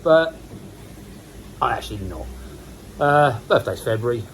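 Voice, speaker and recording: A man in his fifties talks casually to camera outdoors, wandering off on tangents and poking fun at himself. His voice sits in an ordinary middle pitch. A faint outdoor ambience hums in the background. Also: lively intonation, unhurried, a little hiss or hum, rough recording. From England. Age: 50s. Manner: chatty, rambling, self-mocking, swears casually. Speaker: koi pond vlogger. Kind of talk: rambling casual vlog. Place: outdoors by a garden pond.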